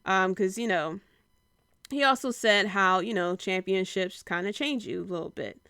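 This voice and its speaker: A young woman hosting a podcast, giving a casual solo review in a chatty way with many fillers and animated quotes. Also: mid-range voice, normal speed, clear, resonant tone, no room sound, studio quality. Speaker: podcast host reviewing wrestling.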